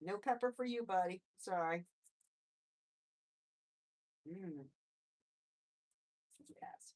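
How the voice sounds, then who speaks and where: A woman's voice: medium pitch, expressive, very slow. Chatty woman hosting a pet live stream. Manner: chatty, rambling, with restarts; soft baby-talk to pets, often away from the mic. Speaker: pet channel host. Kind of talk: casual live-stream chat.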